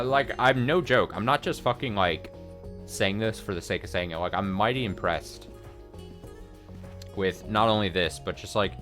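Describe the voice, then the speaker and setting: A man's voice: low-pitched, fairly bright tone. A man in his thirties giving rambling, profane let's play commentary full of fillers and restarts. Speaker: streamer.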